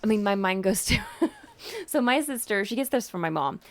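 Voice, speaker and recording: A woman co-hosting a podcast, telling stories in a giggly, animated way with many fillers. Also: mid-range voice, moderate pace. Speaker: podcast co-host. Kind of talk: casual podcast storytelling.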